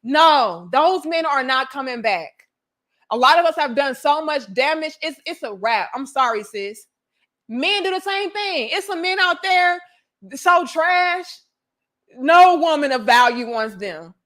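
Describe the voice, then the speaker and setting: A woman with a high voice delivers a relationship-advice monologue. She is blunt and emphatic, talking to her audience like a frank big sister and swearing freely. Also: expressive, unhurried, a bit bright.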